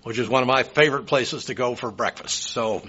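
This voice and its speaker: A man's voice: mid-range voice, a little fast, sharp tone, husky. A man, preaching a sermon in a folksy, rambling way with personal asides. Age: 70s. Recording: dull lo-fi sound.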